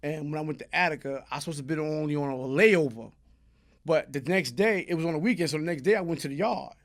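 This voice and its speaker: A man's voice: fairly high pitch, fast. A man with a New York accent, a guest in an interview, telling a long story with lots of energy, acting out the other people in it and asking "you heard?" again and again. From Brooklyn, New York. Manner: animated street storytelling, acts out voices, frequent "you heard?".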